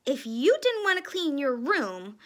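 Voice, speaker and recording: A woman voicing a big, stern mother canary who booms her lines loudly in a storybook reading. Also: sing-song, measured pace, exaggerated voice. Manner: booming, loud.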